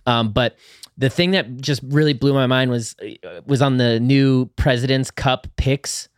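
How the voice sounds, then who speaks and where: Chill young dude chatting on a podcast, mid voice, dead dry sound. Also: male voice, mid-range voice, a little slow, no room sound. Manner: laid-back, says dude and yep a lot. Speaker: podcast co-host. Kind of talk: casual chat.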